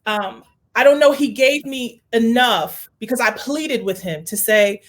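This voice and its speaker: A woman's voice: a little high, measured pace. A woman hosting a heartfelt conversation, speaking earnestly and with emotion, slipping into prayerful pleading. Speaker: host.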